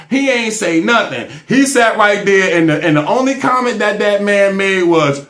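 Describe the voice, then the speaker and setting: A man, a guest in a casual interview, talking in an animated, joking way and repeating his phrases. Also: sits high, moderate pace, few pauses, reverberant.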